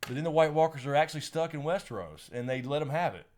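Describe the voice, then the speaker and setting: A man's voice: on the high side, lively intonation, fast talker, a little mellow, a little hiss or hum. A young man hosting a live stream Q&A, chatting casually, rambling, laughing often and swearing.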